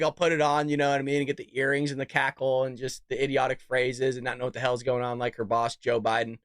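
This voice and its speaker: A man's voice: medium pitch, dry recording, studio quality. A man hosting a casual political commentary show, talking in a mocking, sarcastic way and calling his listeners folks.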